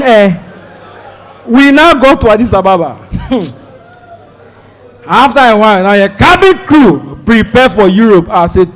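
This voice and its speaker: A Nigerian comedian with a high, bright voice tells a story on stage. His pitch leaps all over the place as he acts out both sides of a conversation. He breaks now and then into sudden loud outbursts. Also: lively intonation, normal speed, in a large hall. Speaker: stand-up comedian.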